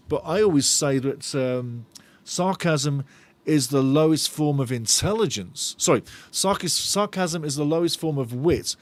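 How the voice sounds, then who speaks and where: A man's voice: on the high side, a little slow. A middle-aged man hosting a live football watch-along, chatting and bantering as he reads out viewer comments with a jokey, sarcastic streak. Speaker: fan channel host of a match watch-along. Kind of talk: live-stream chat and match talk.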